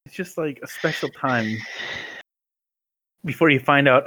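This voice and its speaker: A man's voice: fairly high pitch, takes it slowly, pauses often, sharp tone, breathy edge, dry recording. A young man in his late twenties co-hosting a podcast, telling silly stories and giggling. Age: young adult. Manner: joking, giggly storyteller. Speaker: podcast co-host. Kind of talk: casual chat.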